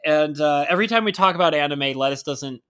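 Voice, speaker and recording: A man's voice: fairly high pitch, fast, a bit bright, clear, resonant tone. A man hosting a casual podcast chat, teasing his guests and laughing often. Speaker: podcast host.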